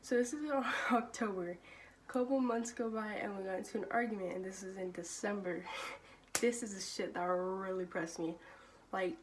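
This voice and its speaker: A woman's voice: medium pitch, fairly even intonation, normal speed, noisy background. A young woman telling a storytime vlog in a casual, profane way, laughing often and filling her talk with "like". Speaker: vlogger.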